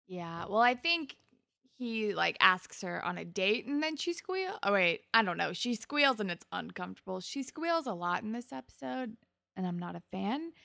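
Gravelly-voiced chatty woman. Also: medium pitch, expressive, normal speed, bright, forceful tone, no room sound, studio quality. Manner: chatty, laughs often, acts out quotes. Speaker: podcast co-host. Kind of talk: casual TV recap chat.

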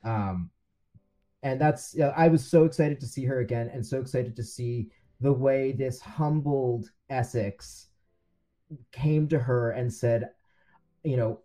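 A man's voice: medium pitch, slow pace, mellow. A man co-hosting a casual comics chat, earnest and enthusiastic. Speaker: comics podcast co-host.

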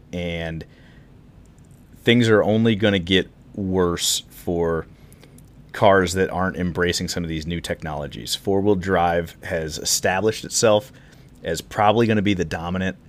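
A man co-hosting a casual podcast, explaining things in a measured way with frequent pauses. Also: low-pitched, steady tone. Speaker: podcast co-host explaining rally history.

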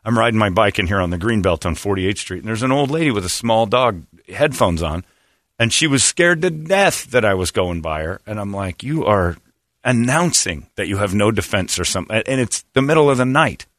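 Middle-aged man, low dry voice, joking banter. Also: lively intonation, brisk, fairly bright tone, no echo. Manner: joking, jumps into goofy put-on voices. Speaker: radio show co-host. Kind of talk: casual banter.

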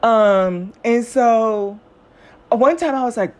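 A young woman with a somewhat high voice hosts a casual solo podcast. She tells a personal story in a loose, chatty way and jumps into lively quoted voices as she goes. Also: normal speed. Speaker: podcast host.

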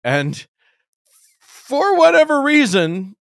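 A man hosting a casual podcast, retelling a story in an animated, joking way. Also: extremely high pitch, takes it slowly, vocal fry, no room sound, clean studio sound. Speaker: podcast host. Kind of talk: casual bible discussion.

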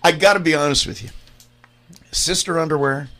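A man's voice: on the high side, a little fast, pushed and bright, faint music behind. A man co-hosting a casual podcast chat, joking and full of wry asides. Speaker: podcast co-host.

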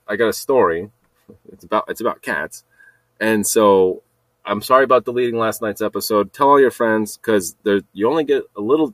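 A man's voice: on the low side, no room sound, rough recording. A man hosting a solo podcast, telling a rambling story, repeating himself and swearing often. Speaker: podcast host.

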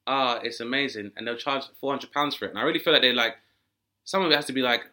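A man's voice: medium pitch, very fast. A man co-hosting a casual comedy chat, riffing and acting out voices in his stories. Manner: animated, acts out voices in quoted exchanges. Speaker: podcast co-host.

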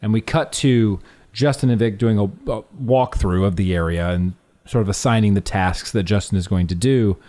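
A man's voice: fairly low pitch, normal speed. A man co-hosting a movie review podcast, talking through the story in an analytical, casual way. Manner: lively, analytical, lots of restarts. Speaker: podcast co-host.

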